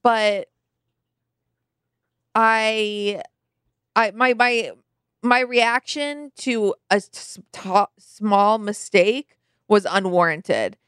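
A woman co-hosting a casual podcast, talking in a measured way with hesitant restarts. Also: mid-range voice, a bit bright, smooth, no room sound, clean studio sound. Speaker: podcast co-host. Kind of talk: casual chat.

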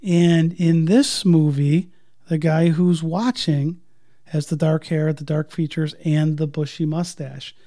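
A man's voice: on the high side, fairly even intonation, takes it slowly, dark tone. A man co-hosting a podcast, making thoughtful points in a casual film discussion. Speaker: podcast co-host.

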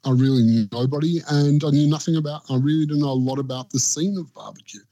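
A man's voice: fairly high pitch, fairly even intonation, quick pace, mellow, muffled recording. A middle-aged Australian man, a barbecue pitmaster being interviewed, telling long anecdotes in casual chat and acting out what people said to him. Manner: rambling anecdotes, acts out quoted voices.

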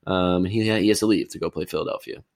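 A man's voice: low voice, quick pace, gravelly, a little mellow, no echo, clean studio sound. A man in casual chat, retelling a movie plot in a rambling, easygoing way.

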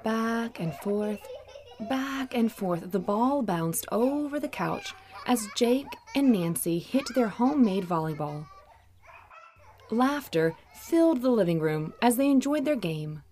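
Gentle woman storyteller for kids. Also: fairly high pitch, slow, a little hiss or hum. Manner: clear, gentle, expressive storytelling. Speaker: children's Bible story podcast host. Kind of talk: warm scripted narration for children.

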